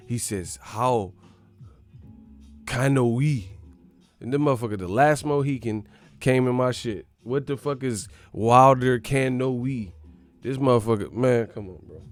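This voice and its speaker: A man ranting on a boxing livestream, profane and mocking as he reacts to his chat. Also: medium pitch. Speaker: boxing channel streamer. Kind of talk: casual livestream rant.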